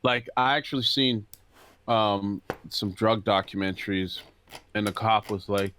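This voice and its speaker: A man co-hosting a casual podcast over a video call, talking in a laid-back, measured way. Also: lowish voice, steady tone, fairly bright tone, clean tone. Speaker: podcast co-host.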